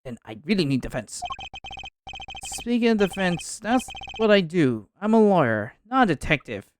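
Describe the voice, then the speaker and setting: A man's voice: high voice, sing-song, moderate pace, a little hiss or hum, pitched above the performer's own voice. Man reading as a dry young lawyer. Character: earnest young male defense lawyer.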